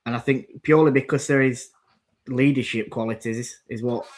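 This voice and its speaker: A man's voice: mid-range voice, fairly even intonation, fairly quick. A man co-hosting a football watchalong, calling out substitutions and grumbling about the play. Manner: rambling, calls out substitutions and plays. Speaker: co-host commentating on the match. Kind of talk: casual football watchalong chat.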